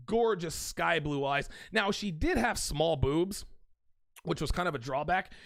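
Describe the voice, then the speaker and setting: Blunt gravelly man with lively pitch. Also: dry recording. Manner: blunt, addresses listeners as guys and dude. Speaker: dating advice commentator. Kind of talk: casual monologue to viewers.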